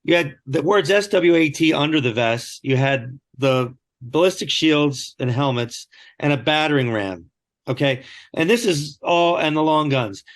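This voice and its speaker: A man's voice: fairly high pitch, measured pace. A man, a podcast guest, telling a story animatedly and acting out quoted lines. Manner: animated, acts out quoted dialogue. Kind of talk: storytelling in conversation.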